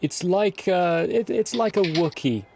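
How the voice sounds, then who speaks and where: A man with a slightly higher voice runs a tabletop game, describing the scene piece by piece. He stops and restarts while he hunts for the right words. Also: expressive, measured pace, vocal fry, darkish tone, slightly rough. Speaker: game master.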